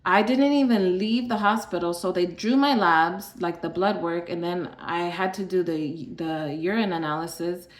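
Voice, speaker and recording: A woman's voice: fairly low pitch, normal speed, few pauses, reverberant. A woman from Arizona telling her own story in a casual, chatty way, full of fillers and the odd sigh. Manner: chatty, filler-heavy, sighs between thoughts. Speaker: vlogger sharing her illness story.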